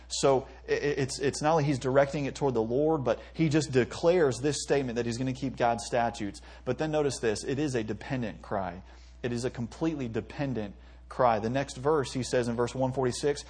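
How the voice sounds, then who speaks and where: A man with a husky voice delivers an earnest sermon. He reads scripture aloud and acts out heartfelt prayers in between, at a middle pitch. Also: fairly quick, darkish tone. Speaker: preacher. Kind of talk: sermon to youth.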